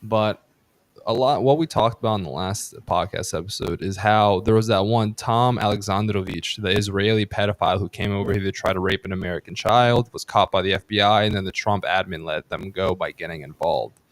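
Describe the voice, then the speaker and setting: A man's voice: low voice, brisk, no room sound. Man, podcast host, heated casual rant, profane, frequent restarts, dry close sound. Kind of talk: casual political chat.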